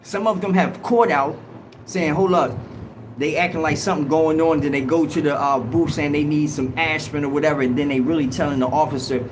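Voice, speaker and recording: A man telling a prison story on a livestream, emphatic and animated, with a lot of swearing. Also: a little high, fairly quick. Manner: animated, emphatic street talk with profanity. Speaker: host. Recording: noisy background ambience.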